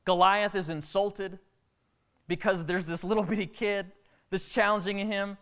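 A man preaching a sermon, retelling a Bible story with lively, acted-out dialogue. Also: high voice, a little slow, clear, resonant tone. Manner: animated storytelling preacher, acting out characters' lines. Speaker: pastor.

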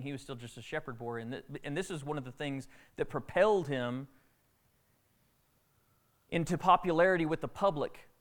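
A man preaching a sermon, retelling a Bible story with lively, acted-out dialogue. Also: on the high side. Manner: animated storytelling preacher, acting out characters' lines. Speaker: pastor.

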